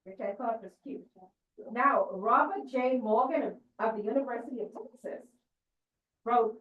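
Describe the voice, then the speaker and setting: A woman's voice: on the high side, moderate pace. Woman teaching scripture, echoey and distant. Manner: questioning, checks in with listeners. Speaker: church lecturer. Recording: distant echoey dull room recording.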